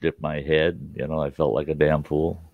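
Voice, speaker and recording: A man's voice: a bass voice, flat delivery, normal speed, gravelly, dry recording. A man hosting a show, telling a childhood story in a folksy, casual way with frequent laughs. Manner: folksy, laughs often, mild cursing. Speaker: host and storyteller. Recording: dull, lo-fi sound.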